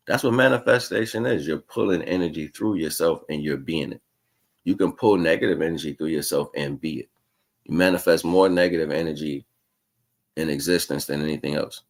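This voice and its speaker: Deep-voiced man musing casually on a livestream. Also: fairly quick. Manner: casual, slangy, keeps asking "you know what I'm saying"; rambling, musing delivery with restarts. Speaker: livestream host. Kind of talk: spiritual livestream monologue.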